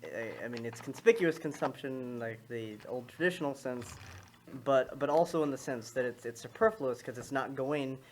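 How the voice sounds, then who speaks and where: A man in a reading group who talks things through in halting speech, with many restarts and repeated words. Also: medium pitch, a little mellow, slight background noise. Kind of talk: casual discussion.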